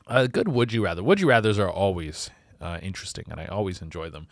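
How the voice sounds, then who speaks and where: A man doing a rambling comedic monologue as host, acting out quick voices as he goes. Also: sits low, vocal fry, dry recording, clean studio sound. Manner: rambling, animated, acts out voices.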